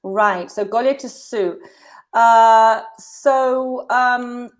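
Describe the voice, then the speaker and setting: A woman in her fifties with a fairly high voice, talking as an interview guest. She tells her stories in an animated way and laughs often. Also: very slow. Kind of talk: casual conversation.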